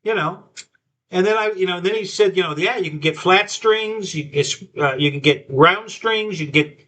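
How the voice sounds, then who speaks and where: A man's voice: sits high, normal speed, a bit bright. A man hosting a live stream, rambling through a story with lots of restarts and quoted back-and-forth. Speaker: host. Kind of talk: casual live-stream chat.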